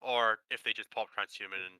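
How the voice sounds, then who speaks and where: A Scottish man calls a tabletop wargame live in a joking, teasing way. His voice is very bright and crisp. The sound is dry and close, with no room echo. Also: on the low side, fairly even intonation, fairly quick. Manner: joking, laughing, teasing banter. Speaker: tabletop game commentator. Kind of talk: casual live game commentary.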